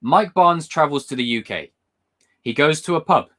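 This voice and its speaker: Young guy on a livestream, bouncy lively voice, rambly and repeats stuff. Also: a little high, normal speed. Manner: excitable, rambling, repeats himself. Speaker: livestream host. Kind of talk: casual live-stream chat.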